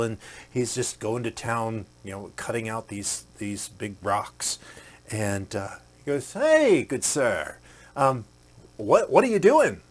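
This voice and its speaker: A man hosting a podcast, telling a motivational story in a conversational way with many fillers and acting out the quoted characters. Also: medium pitch. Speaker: podcast host.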